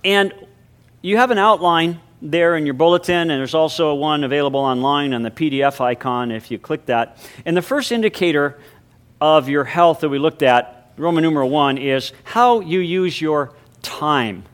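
A male pastor giving a sermon, moving from a hushed, reverent prayer into emphatic preaching with deliberate, drawn-out stresses. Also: fairly high pitch. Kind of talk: spoken prayer.

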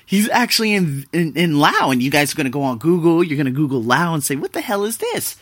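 A young man vlogs to his audience with a bright, clear voice that rides a lively, swooping melody. He sounds close and dry, with no room echo. His chatty delivery jumps from loud bursts to low asides. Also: quick pace. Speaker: vlogger living abroad. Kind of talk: casual talk to camera.

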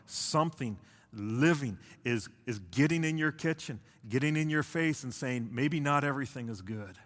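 A male pastor preaching a sermon, swinging between intense and hushed delivery, with slow drawn-out phrases. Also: mid-range voice. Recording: long hall reverb.

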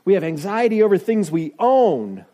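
Lively, chatty male pastor preaching. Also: moderate pace. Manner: conversational, self-deprecating, lively shifts of pitch. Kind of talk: sermon.

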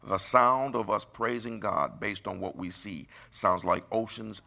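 A middle-aged man preaching a sermon, emphatic and rising into high bursts. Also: unhurried, vocal fry, sharp tone.

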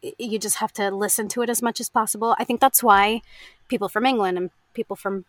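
An American woman, an audiobook narrator, chatting casually in an interview, laughing often and filling pauses with ums. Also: medium pitch, steady tone, no room sound.

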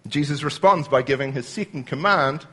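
A man's voice: fairly high pitch, normal speed, pushed and bright, breathy edge. A man preaching a sermon, explaining scripture word by word and quoting lines as he goes.

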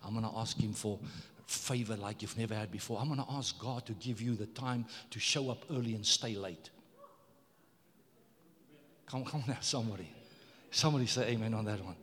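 A man's voice: medium pitch, a little fast, fairly bright tone. Emphatic male preacher in a reverberant church. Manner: emphatic preaching, repeats words, calls on the congregation. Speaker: pastor. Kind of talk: sermon.

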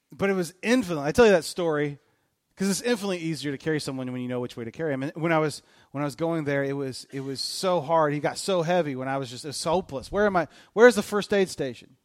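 Lively, upbeat-sounding male pastor, dry sound. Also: a little high, fairly quick, no echo. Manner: animated storytelling, jokey asides. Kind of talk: sermon.

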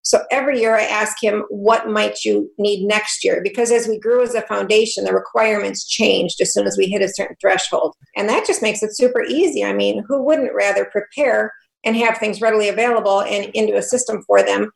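A woman's voice: mid-range voice, steady tone, brisk, gravelly, rough recording. An older woman, a grandmother, chatting upbeat and laughing often as a foundation vice president in an interview. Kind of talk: casual interview chat.

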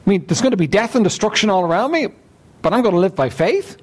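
A pastor preaches in a fairly high-pitched voice, reading scripture and then explaining it. His delivery is earnest, and he clears his throat now and then. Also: expressive, fast talker.

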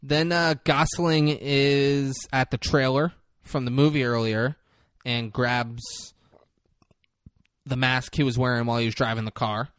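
A man's voice: mid-range voice, flat delivery, unhurried, a bit bright, clear, resonant tone, dry recording. A man co-hosting a podcast, swearing freely and acting out characters as he retells a movie. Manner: profane, acts out characters while retelling. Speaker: podcast co-host. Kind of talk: casual movie recap chat.

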